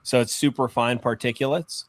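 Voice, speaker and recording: A film director in casual podcast chat, telling anecdotes and acting out the people in them. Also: male voice, mid-range voice, moderate pace, no echo. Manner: animated storyteller, acts out voices in anecdotes.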